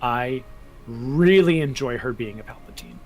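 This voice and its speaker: A man co-hosting a podcast, telling his views in an animated, chatty way during a casual fan chat. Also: mid-range voice, unhurried, faint music behind. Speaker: podcast co-host.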